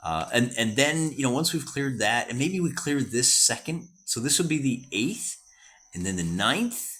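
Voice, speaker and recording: An American man talks through a solo wargame in a relaxed, rambling way, thinking aloud and often correcting himself. His pitch rises and falls with lively energy, sitting in an ordinary middle register. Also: moderate pace. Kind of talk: casual narrated solo wargame session.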